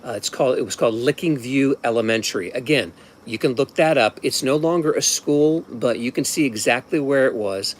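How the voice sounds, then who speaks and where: Fairly quick in delivery, this Ohio man in his fifties wanders through a personal story at home, restarting frequently and adding side remarks. His voice is mid-range, and a slight hiss or hum can be heard.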